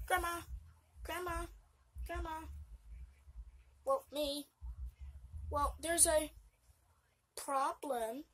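Brief: woman playing a whiny, pleading little granddaughter, very high and slow. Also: steady tone, fairly bright tone, exaggerated voice.

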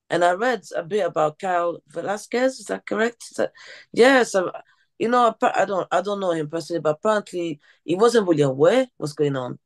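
A woman's voice: fairly low pitch, lively intonation. Enthusiastic woman podcast host. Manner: enthusiastic, halting restarts. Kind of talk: conversational interview.

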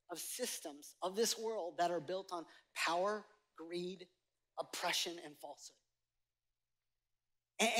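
A man's voice: sits high, a bit bright. Joking, emphatic pastor man. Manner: conversational, joking with congregation, emphatic. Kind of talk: sermon. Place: church sanctuary with live congregation.

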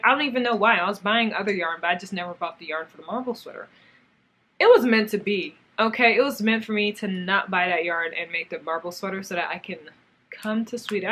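Excitable young woman, yarn haul vlog, chatty and gushing, mid-pitched voice. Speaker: yarn crafts vlogger. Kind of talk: casual haul vlog chat.

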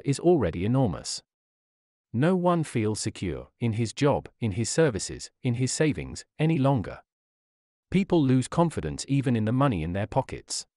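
A man narrates a nonfiction audiobook at an ordinary pitch, his voice swinging widely up and down as he lands each point. His reading has a sardonic, pointed edge. The recording is close and dry, with no room sound. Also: darkish tone, dry recording.

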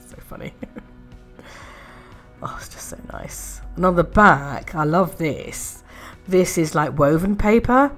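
A woman chatting casually in a craft haul video, gushing with soft admiring murmurs and little laughs. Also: fairly low pitch, animated, slow, pauses often, faint music behind. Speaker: art and craft vlogger.

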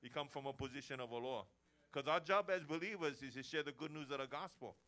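A man preaching a lively sermon to his church, acting out everyday chats as he goes. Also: mid-range voice, fast talker. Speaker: pastor. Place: church service.

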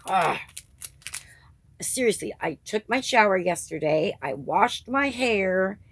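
A woman's voice: lowish voice, creaky, slight background noise. A woman hosting her crafting channel, chatting casually through an unboxing and gushing over each item with little gasps.

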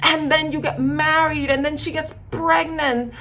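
A woman's voice: sits high, steady tone, measured pace, pushed and bright, slight background noise. A woman giving a casual commentary monologue as a vlogger, emphatic and acting out quoted voices.

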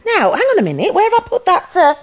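A woman's voice: very high-pitched, wildly swooping pitch, fast talker. A woman presenting a children's TV show, playful and chatty.

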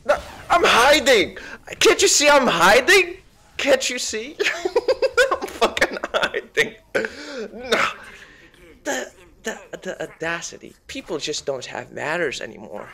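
Guy doing a celeb impression, gravelly, pitch swoops all over, rambly and self-mocking. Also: sing-song, moderate pace, sharp tone, heavily acted. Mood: rambling. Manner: meandering, self-mocking, easily sidetracked. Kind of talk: gameplay commentary in an impression voice.

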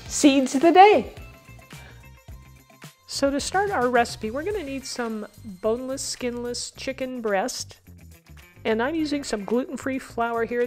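A woman hosting a home cooking demonstration in an upbeat way, throwing in corny chef jokes. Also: a little high. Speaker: cooking show host.

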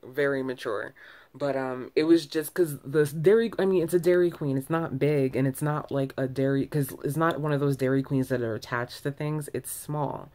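A woman's voice: rumbling low, fairly even intonation, moderate pace, warm tone. A woman vlogger talking to camera in a loose, candid ramble, full of restarts and self-corrections, with sighs between thoughts. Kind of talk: casual early-morning ramble to camera.

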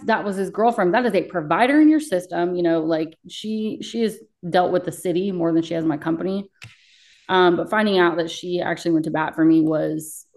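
With a darkish, fairly low-pitched voice, a young female paramedic shares her experiences as an interview guest. Her storytelling is candid, blunt and emotional, peppered with frequent swearing.

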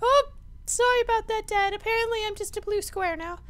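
A woman voicing a whiny young boy who is the player's son, in a high squeaky tone. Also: a little fast, fairly bright tone. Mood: sulky. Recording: background noise.

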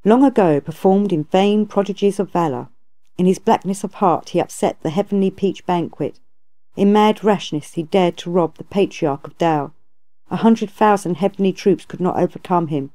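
Woman reading as a calm, gracious bodhisattva. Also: lowish voice, normal speed, lightly acted. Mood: solemn. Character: calm, compassionate female bodhisattva.

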